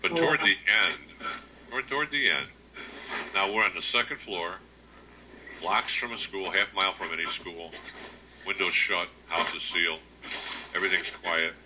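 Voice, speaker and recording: A man in his sixties, a guest author, telling plainspoken stories at an unhurried pace in a casual interview. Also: low-pitched, pushed and bright, a little hiss or hum, poor audio. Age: 60s.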